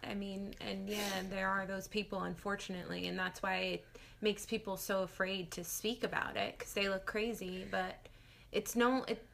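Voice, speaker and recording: A young woman in casual chat, speaking in a gentle, reassuring way. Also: medium pitch, fairly even intonation, moderate pace, vocal fry, slight background noise.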